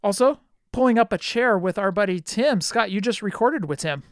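Smooth-voiced male podcast host. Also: high voice, expressive, normal speed, dry recording, studio quality. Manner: friendly, laughs often. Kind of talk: casual podcast chat.

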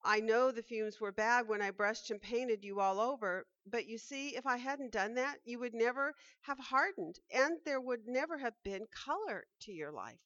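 Calm, wise male potter in a storybook tale, read by a woman; dry, muffled recording. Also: fairly high pitch, normal speed, hardly any pauses, no echo. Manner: calm and explaining. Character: patient wise male potter, the teacup's master.

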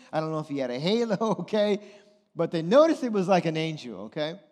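A man preaching a sermon, animated and conversational, often putting questions to his listeners. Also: sits high, in a large hall. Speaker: pastor.

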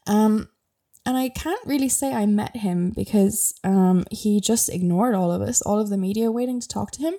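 A woman's voice: medium pitch, normal speed, warm tone. A young Irish woman hosting a podcast, chatting casually and rambling with lots of fillers. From Ireland. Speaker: podcast host. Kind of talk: casual chat.

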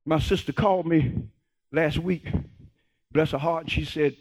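A male pastor preaching a sermon, calling and responding with the congregation and rising to shouts. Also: a little high, steady tone, measured pace.

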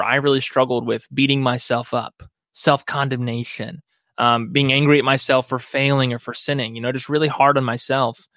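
A man speaks as a guest on a podcast about biblical counseling. He comes across as earnest and reflective, talking in a warm conversational way. His voice sits in an ordinary middle range, and the recording is dry and close. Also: medium pitch, dry recording. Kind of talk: podcast interview.

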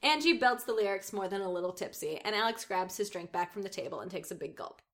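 A woman's voice: mid-range voice, fast talker. A woman reading a story aloud, stopping now and then to laugh at it and mock its writing. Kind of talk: reading aloud with casual commentary.

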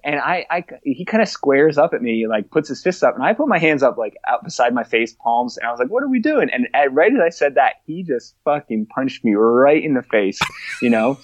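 A man's voice: medium pitch, expressive, fairly quick, no echo, lo-fi sound. A young adult man, a podcast guest, telling a rambling, profane story full of fillers and laughter. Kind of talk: casual storytelling.

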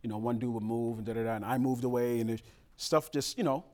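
A man preaching a sermon as pastor, conversational with street slang and sudden loud emphatic rises. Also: mid-range voice, fast talker.

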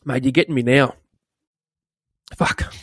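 A man's voice: medium pitch, fairly even intonation, normal speed, no room sound. A laid-back man hosting a podcast in a casual, chatty way, with a mid-range voice. He talks loosely and freely. His voice is recorded dry and close, with no room around it. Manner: laid-back, says mate and dude a lot. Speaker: podcast host. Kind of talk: casual interview chat.

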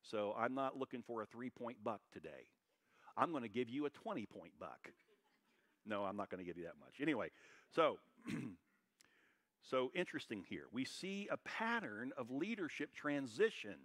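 A pastor preaching a sermon, loud and brash, swinging between shouted high points and quiet asides. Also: male voice, very animated, normal speed.

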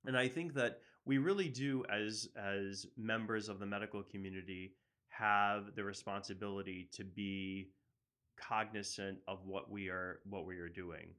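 Bright-voiced man co-hosting a medical chat. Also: on the low side, steady tone. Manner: conversational, teasing, quick to chime in. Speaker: medical co-host. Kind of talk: casual medical talk show.

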